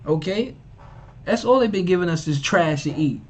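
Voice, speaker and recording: Preacher guy going hard on a livestream, mocking, repeats himself, kinda high voice. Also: lively intonation, normal speed, a little mellow. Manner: emphatic and repetitive, mocking, slangy. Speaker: online preacher and teacher. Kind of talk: live-streamed preaching.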